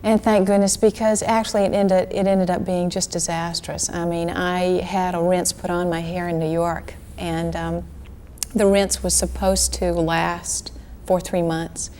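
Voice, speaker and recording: A woman's voice: on the low side, level tone, measured pace, warm tone, a little hiss or hum. A woman, talking casually and animatedly as an actress guest in an archival 1980s TV interview, with many restarts. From Georgia, US.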